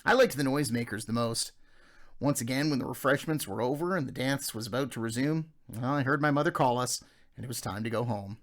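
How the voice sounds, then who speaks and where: A man narrating a memoir audiobook in a measured, gently nostalgic storytelling manner. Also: medium pitch.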